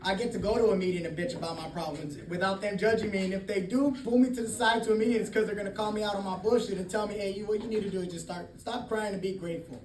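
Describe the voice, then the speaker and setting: A man's voice: sits high, fast, hardly any pauses, a little mellow. A man speaking candidly at a recovery meeting, swearing freely and laughing often as he shares his story. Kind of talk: personal testimony talk. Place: meeting room. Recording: roomy, distant mic, faint noise.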